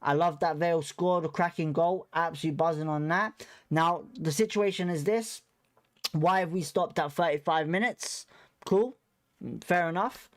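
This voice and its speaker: A man's voice: a little high, normal speed. A young man, hosting a football watchalong and ranting after the match in a blunt, repetitive, frustrated way full of swearing. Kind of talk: heated post-match fan rant.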